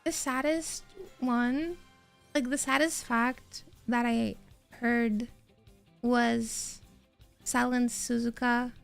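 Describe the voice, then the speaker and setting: A woman streamer talks in a high, bright register, taking her time as she chats over her game. Her talk rambles excitedly, doubling back on itself, and she stops to answer her chat. Quiet game music plays underneath. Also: extremely slow, gravelly, long pauses, clean tone. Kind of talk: casual live-stream chat while gaming.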